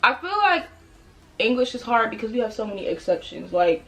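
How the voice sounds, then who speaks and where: A young woman from the Washington DC area chatting while doing her makeup, telling stories in an animated way and putting on playful voices. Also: a little high, brisk. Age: young adult. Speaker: beauty vlogger. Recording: noisy home recording.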